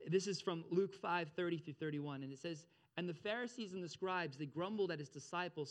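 A man preaching a sermon as pastor, animated, repeating phrases and checking in with his congregation. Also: brisk, hardly any pauses. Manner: animated, addresses congregation with frequent check-ins; repeats phrases, rises in pitch and volume for emphasis.

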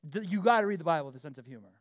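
Animated, conversational male pastor. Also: a little high, very fast, highs cut off. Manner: animated and conversational, many asides and fillers. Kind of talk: sermon.

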